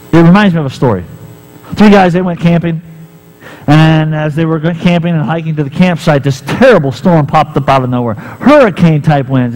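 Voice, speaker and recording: A man preaches, moving from scripture into a campfire-style story whose characters he acts out in turn. His voice is fairly high for a man and swings a long way up and down, and a faint mains hum runs under the recording. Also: a little mellow, rough recording. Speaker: pastor. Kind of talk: sermon with storytelling.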